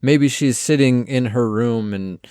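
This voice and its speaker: A man co-hosting a casual film review podcast, rambling in a relaxed way and often trailing off quietly. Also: mid-range voice, a little slow, clean tone, dry recording, studio quality. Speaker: podcast co-host.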